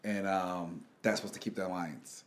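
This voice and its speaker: Lower-voiced man, rambling casual chat. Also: steady tone, moderate pace. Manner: rambling and teasing, many fillers like "like" and "um".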